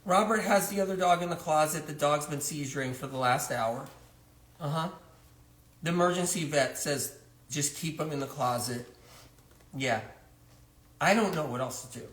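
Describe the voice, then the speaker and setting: A man's voice: on the high side, normal speed, long pauses, a bit bright, natural voice. A man playing a frantic new mother of twins. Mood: weary. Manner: indignant, pleading phone complaints. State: tearful, near crying. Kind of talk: comedic one-man phone sketch. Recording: roomy echo.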